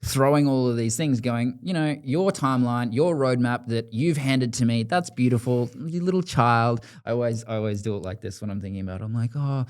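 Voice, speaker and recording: A man's voice: mid-range voice, normal speed. A man, hosting a podcast and telling a story in casual talk, acting out the voices he quotes. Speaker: podcast host.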